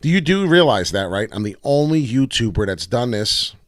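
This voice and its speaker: A man's voice: medium pitch, very animated, moderate pace, no echo. A man giving casual, brash live commentary on price charts, rambling and swearing freely. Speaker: crypto chart analyst streamer.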